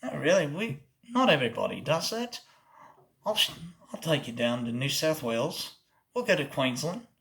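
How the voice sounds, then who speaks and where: A man's voice: a little high, sing-song, moderate pace, creaky, a bit bright. A man from Oklahoma with a Southern US accent, hosting a comedic monologue and slipping into put-on accents. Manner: switches between put-on accents, playful. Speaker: host.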